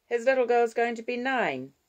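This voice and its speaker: A woman reading the part of a reluctant, self-absorbed grandmother in an audiobook, speaking briskly. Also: fairly high pitch, big pitch swings, muffled recording, voice pushed up. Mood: chatty.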